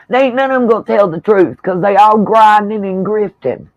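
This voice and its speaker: Woman, channel host, blunt profane rant, irritated, dry close sound, gravelly. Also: mid-range voice, no room sound, low-quality recording. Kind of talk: livestream commentary rant.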